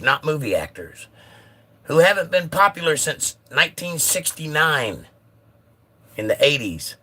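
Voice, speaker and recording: Bright-voiced man chatting on a phone livestream. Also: mid-range voice. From United States. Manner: chatty, joking, reads comments aloud. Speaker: livestream host. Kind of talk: casual live chat, reading viewer comments.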